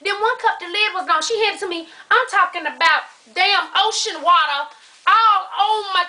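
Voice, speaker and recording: High, bright-voiced woman ranting. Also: moderate pace. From Atlanta, USA. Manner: animated, exasperated, laughing often, cussing. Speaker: vlogger. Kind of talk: casual storytelling rant.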